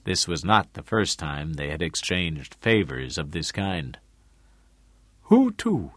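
A man narrating a story aloud in a measured way. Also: very deep voice, fairly bright tone, no echo. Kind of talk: audiobook narration.

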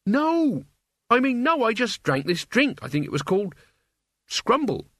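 A man voicing an earnest, flustered young male apprentice who talks in an indignant, high-strung way. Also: very animated, unhurried, fairly bright tone, no room sound, clean studio sound, full character voice.

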